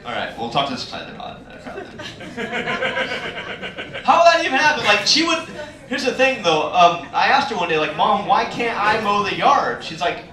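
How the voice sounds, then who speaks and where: Man, stand-up comedian, high voice, lively swings in pitch, echoey club, loud crowd laughter. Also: normal speed, long pauses, recorded from a distance. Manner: animated, acts out voices of people in his stories.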